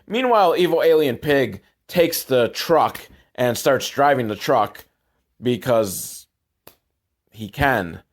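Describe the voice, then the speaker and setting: Podcast guy ranting about a dumb movie, sarcastic and fed up, rambly, normal pitched voice. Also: lively intonation, takes it slowly. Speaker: podcast host.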